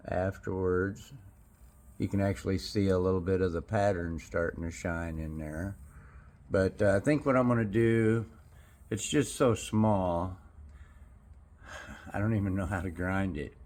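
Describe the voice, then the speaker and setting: A man's voice: deep voice, fairly even intonation, measured pace, long pauses, darkish tone. A man making a small knife in his workshop, chatting casually and thinking aloud as he works. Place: forge workshop.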